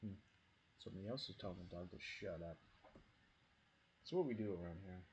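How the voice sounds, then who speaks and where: Man, low-pitched, easygoing gaming streamer at home; rambles off-topic with fillers and casual swearing. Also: fairly quick, slight background noise. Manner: rambling, laid-back, swears freely, lots of fillers. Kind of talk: casual rambling chat while playing. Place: at home with dogs nearby.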